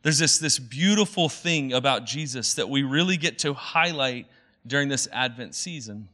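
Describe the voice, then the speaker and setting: Bright-voiced pastor, chatty and playful. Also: male voice, medium pitch, animated, moderate pace. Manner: chatty, many fillers, quoting movie lines in playful voices. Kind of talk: casual conversational sermon.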